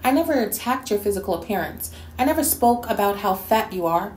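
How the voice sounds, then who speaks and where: A woman's voice: mid-range voice, animated, fairly quick, darkish tone, reverberant, slight background noise. A woman from New York City delivering a scolding, sassy rant in a response video. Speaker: YouTube commentator.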